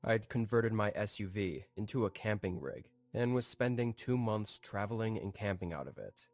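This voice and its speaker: Guy with a lowish voice telling a creepy camping story, calm and steady. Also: normal speed, no room sound. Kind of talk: scripted first-person horror narration.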